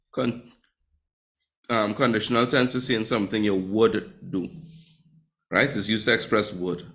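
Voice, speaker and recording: A man teaches a classroom lesson with a somewhat low voice. He quizzes his students and keeps tagging "right?" onto his points. His delivery is patient and explanatory. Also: a bit bright. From Trinidad and Tobago. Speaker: Spanish teacher.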